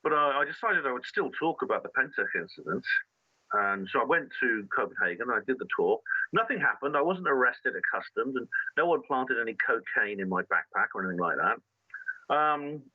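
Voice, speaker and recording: A man's voice: mid-range voice, expressive, dry recording, narrow, tinny audio. A man talking as a guest on an interview show, telling his story earnestly and often restarting his sentences. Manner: earnest, halting with frequent restarts. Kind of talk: conversational storytelling.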